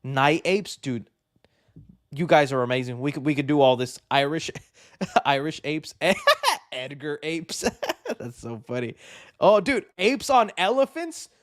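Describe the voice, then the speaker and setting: A man hosting a live movie news show, chatting casually in an excitable, rambling way with many fillers. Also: on the high side, unhurried, long pauses. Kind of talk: casual live-stream chat.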